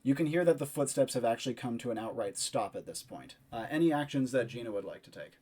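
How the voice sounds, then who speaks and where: A man running a tabletop game as game master, describing scenes in a measured way with fillers. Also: mid-range voice, expressive, warm tone, slightly rough.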